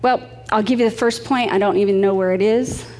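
A woman's voice: mid-range voice, a little fast, darkish tone, in a large hall. A middle-aged woman preaching a sermon, telling stories in a chatty way with light laughs.

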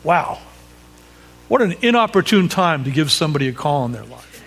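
A man preaching an expository sermon, animated and conversational, checking in with his listeners as he reads and explains scripture. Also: on the high side, moderate pace, vocal fry, long pauses. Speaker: pastor. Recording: long hall reverb.

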